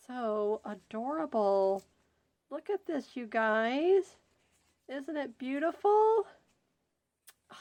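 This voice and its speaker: Woman, crafting vlogger, gushing and exclaiming, slow drawn-out speech, fairly high voice. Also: no echo. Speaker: crafting channel host. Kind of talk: unboxing happy mail, casual chat.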